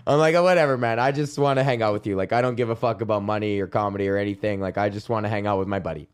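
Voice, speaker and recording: A man's voice: on the low side, steady tone, very fast, clean tone. A young man from Canada hosting a podcast, telling a rambling, profane story with frequent laughs. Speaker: podcast host. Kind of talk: casual monologue.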